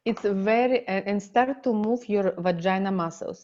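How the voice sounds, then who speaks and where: A middle-aged woman with a Russian accent teaching an online relationship seminar in slow, halting, non-native English. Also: medium pitch, a little mellow, highs cut off. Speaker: relationship coach.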